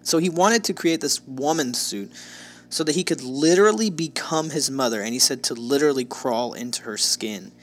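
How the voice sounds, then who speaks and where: A man's voice: mid-range voice, expressive, normal speed. Joking man co-hosting a true-crime podcast. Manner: joking, sarcastic, narrates case details. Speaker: podcast co-host.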